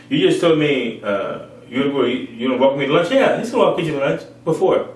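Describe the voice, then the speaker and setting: A man's voice: medium pitch, animated, a little fast. A man preaching an informal sermon, repeating phrases for emphasis and acting out other people's voices. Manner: acts out others' voices in raised tones. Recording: echoey room from far off.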